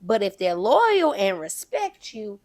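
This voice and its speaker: A woman's voice: medium pitch, very animated, takes it slowly, darkish tone. A woman hosting a podcast in casual chat, playful, teasing and profane.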